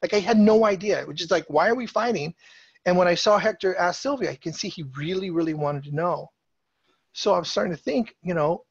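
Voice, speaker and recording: A middle-aged man with a slightly high voice tells a story to a room, loose and conversational, piling up fillers and restarts as he goes. The sound is dry and close, a bit dull and lo-fi. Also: creaky, husky, no room sound. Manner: casual, chatty, many fillers and restarts. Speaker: speaker telling a personal story. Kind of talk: storytelling talk to an audience. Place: presentation stage.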